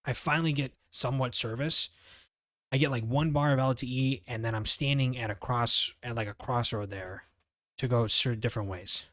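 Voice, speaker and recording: A man's voice: mid-range voice, moderate pace, no room sound, studio quality. A young man co-hosting a podcast, telling a story in casual, profane chat and acting out the other people's lines. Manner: animated storyteller, swears a lot, acts out voices of others. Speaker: podcast co-host.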